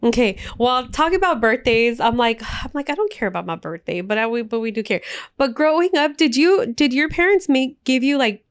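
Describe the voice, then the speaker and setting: Podcast co-host, woman, bright smooth voice, chatty and emotional, casual talk. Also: high-pitched, animated, moderate pace. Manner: chatty, emotional storyteller mixing in Spanish phrases.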